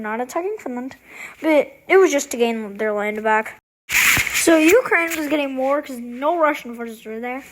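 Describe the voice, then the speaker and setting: A woman's voice: fairly high pitch, a little hiss or hum, low-quality recording. A woman casually narrating an alternate-history map video, rambling and unsure, often restarting her phrases. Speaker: video creator.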